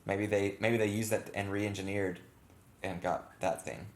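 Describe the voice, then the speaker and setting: Low-voiced rambling male co-host. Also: little pitch movement, measured pace, slight background noise. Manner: rambling, filler-heavy, self-correcting. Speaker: channel co-host. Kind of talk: casual reaction chat. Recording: echoey room.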